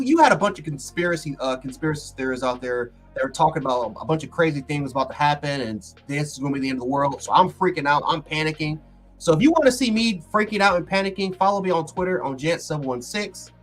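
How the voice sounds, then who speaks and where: A man hosting a casual livestream, talking in an excitable, rambling way with lots of fillers and restarts. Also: fairly high pitch. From Buffalo, New York. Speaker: sports channel host.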